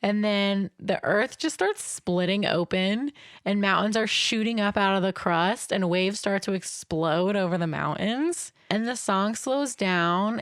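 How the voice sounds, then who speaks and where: A young woman co-hosting a podcast, excitedly recapping a film in casual chat and getting emotional over it. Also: medium pitch, clear, resonant tone, no room sound, clean studio sound. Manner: animated, emotional, dramatic retelling. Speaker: podcast co-host.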